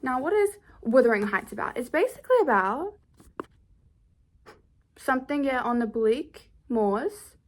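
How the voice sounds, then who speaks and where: A woman's voice: high voice, lively intonation, measured pace, long pauses, a little hiss or hum. A nineteen-year-old woman chatting casually to camera as a book vlogger, rambling with giggly asides.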